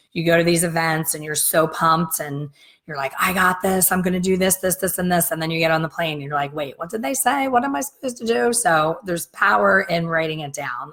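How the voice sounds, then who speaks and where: A middle-aged woman with a slightly raspy voice tells a long, rambling story straight to her viewers. She talks casually and acts out the lines of the people in her story. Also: lowish voice, fairly bright tone. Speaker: hair colorist and business coach. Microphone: facing camera, talking straight to viewers.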